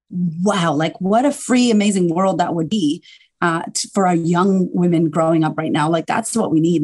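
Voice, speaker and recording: A woman guest on a podcast, a confidence coach talking in an animated, emphatic way and swearing casually. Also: on the low side. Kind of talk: casual interview chat.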